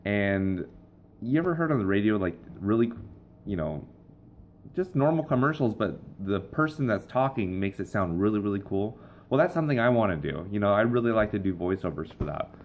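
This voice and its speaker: A man's voice: lowish voice, big pitch swings, brisk, a little hiss or hum. A man hosting his own comedy vlog, chatting casually to camera in a rambling, playful way. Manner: rambling, playful, with frequent fillers. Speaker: host of a comedy vlog show.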